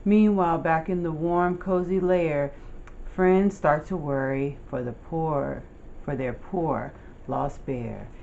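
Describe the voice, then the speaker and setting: An adult reading a children's picture book aloud with a slow, deliberate storytelling delivery. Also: mid-range voice, vocal fry, darkish tone, muffled recording. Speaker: storybook reader.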